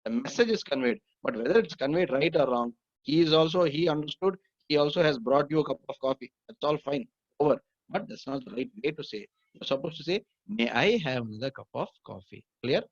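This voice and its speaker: A man's voice: fairly high pitch, dry recording, dull audio. Male lecturer. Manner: repetitive, explanatory, checks understanding with "okay?". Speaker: assistant professor teaching English. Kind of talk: classroom lecture.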